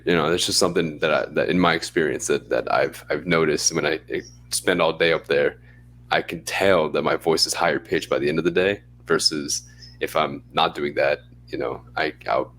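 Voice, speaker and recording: A young man co-hosting a podcast in casual chat, relaxed and rambling, often laughing as he talks. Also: extremely low pitch, a little hiss or hum. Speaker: podcast co-host.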